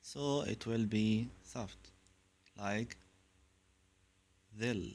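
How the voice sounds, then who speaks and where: A man teaching pronunciation in a clear instructional style, drilling sounds in repeated pairs. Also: medium pitch, unhurried, a bit bright. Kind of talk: slow, clear instructional lesson.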